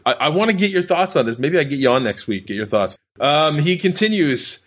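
Brash male podcast host, bright voice, reads listener posts with laughter. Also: fairly high pitch, very animated, moderate pace, breathy edge. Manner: profane, laughs often, reads tweets aloud. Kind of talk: casual podcast chat over a call.

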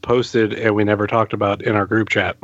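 A man's voice: lowish voice, level tone, a little fast, dry recording, muffled recording. A man in a casual podcast chat, talking hesitantly with many fillers.

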